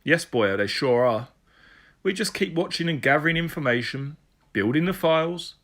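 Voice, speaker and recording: A man's voice: on the high side, animated, normal speed, fairly bright tone. Man putting on a Welsh joker sergeant. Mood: joking. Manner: teasing, blunt. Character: Welsh male police sergeant, jokey and crude.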